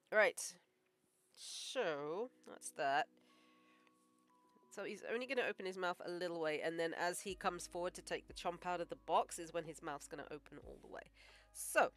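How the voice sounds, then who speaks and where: A woman animator chatting casually on a live stream while she draws, joking and thinking out loud. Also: lowish voice. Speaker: animator streaming her work.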